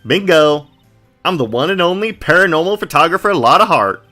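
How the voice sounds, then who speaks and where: A man's voice: medium pitch, wildly swooping pitch, measured pace, vocal fry, sharp tone, faint music behind, pitched above the performer's own voice, exaggerated voice. A man voicing a brash, pushy Southern woman photographer in a game, talking in a folksy drawl with country slang. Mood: brash excited.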